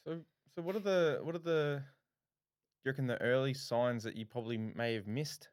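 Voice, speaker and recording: A man hosting a podcast, asking halting, casual interview questions. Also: medium pitch, smooth. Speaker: podcast host.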